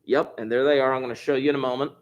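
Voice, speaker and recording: A man's voice: mid-range voice, fairly even intonation, very fast, muffled recording. A male math teacher walking a class through review problems, thinking aloud as he goes. He slips in corny jokes between steps and keeps the tone loose and chatty. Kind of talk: recorded class review lesson.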